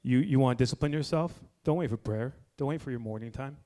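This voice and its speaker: A man in his forties preaching a blunt, fiery sermon to a men's group indoors, moving between low, quiet stretches and loud exhortation. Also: quick pace. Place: indoor room with a gathered group.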